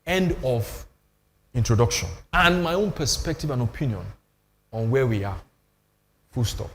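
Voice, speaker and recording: A man's voice: mid-range voice, lively intonation, normal speed, long reverb tail, a little hiss or hum. An older Nigerian man hosting a panel on faith, telling stories with emphasis and self-deprecating humor. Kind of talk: animated panel talk on church.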